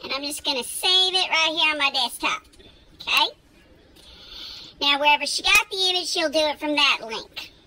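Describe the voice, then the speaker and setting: A woman's voice: high voice, lively intonation, moderate pace, pauses often, pushed and bright, a little hiss or hum. A Texan woman hosting a casual screen-share tutorial, folksy and chatty, laughing easily as she walks through each step. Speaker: host giving a software tutorial.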